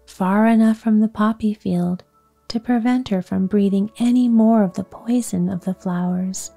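A woman gives a whispered bedtime story reading in a soft, soothing voice. She speaks very slowly with a mellow, dark tone. Faint music plays beneath her. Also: medium pitch.

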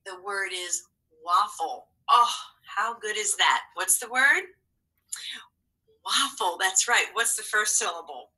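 A woman's voice: medium pitch, expressive, slow pace, sharp tone, breathy edge, rough recording. A woman teaching a phonics and spelling lesson to young children, encouraging and patient with sing-song prompts.

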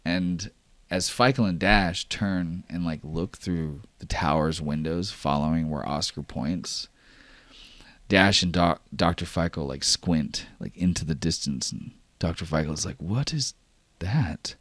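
A man's voice: sits low, fairly even intonation, a little slow, a bit bright, dry recording. A man narrating an improvised tabletop game as game master, casual and full of fillers.

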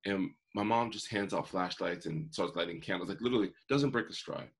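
A man in his forties with a deep, husky voice, speaking a little fast. He's a motivational speaker appearing as a guest in an interview, telling his life story earnestly and vividly and acting out the quotes.

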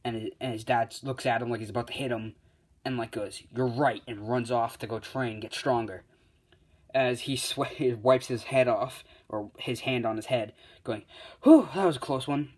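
A man's voice: medium pitch, steady tone, moderate pace. A young man improvising a fan-fiction story aloud, rambling with many fillers and self-corrections.

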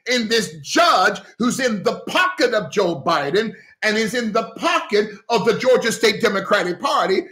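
A man hosting a heated political livestream, animated and breaking into shouts, thanking viewers for gifts. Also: very high-pitched. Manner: animated, breaks into shouts, repeats okay, coughs. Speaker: livestream host addressing viewers as pastors. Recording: echoey room.

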